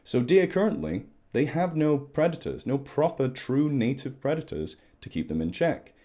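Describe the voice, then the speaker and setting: A man's voice: medium pitch, sing-song, normal speed, mellow. A man, an ecologist chatting at length and in a rambling way as he explains to camera.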